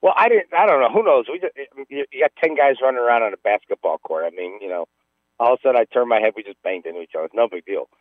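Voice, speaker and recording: A man's voice: mid-range voice, animated, very fast, dry recording. A man calling in to a radio sports show, joking and needling the host while telling stories. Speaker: radio caller. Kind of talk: casual radio banter. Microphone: telephone. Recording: tinny phone line on radio.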